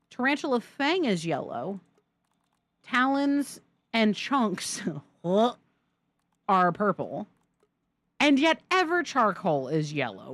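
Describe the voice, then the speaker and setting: A woman's voice: medium pitch, dry recording. A young woman streamer giving chatty, giggly live commentary while playing a game. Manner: chatty, giggly, thanks chat excitedly.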